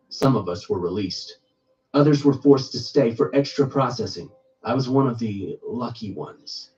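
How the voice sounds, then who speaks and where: A man reading a first-person horror story aloud in steady storytelling narration. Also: mid-range voice, distant mic, dull audio.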